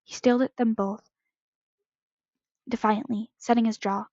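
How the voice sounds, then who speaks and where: A woman's voice: on the high side, steady tone, unhurried, a little mellow, no room sound. A woman reading fan fiction aloud in an unpolished way, stumbling and correcting herself, on a close home microphone with a slightly dull, lo-fi sound. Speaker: podfic reader.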